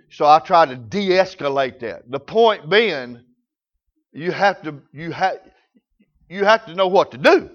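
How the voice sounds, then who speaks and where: A man's voice: fairly high pitch, sing-song, moderate pace, fairly bright tone, muffled recording. A man preaching a sermon, telling folksy stories in rural grammar.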